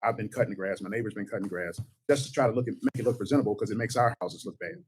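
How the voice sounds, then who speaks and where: A man's voice: fairly low pitch, very fast, breathy edge, poor audio. A man, a longtime resident, hesitantly complaining about his block during public comment at a town meeting. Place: meeting hall.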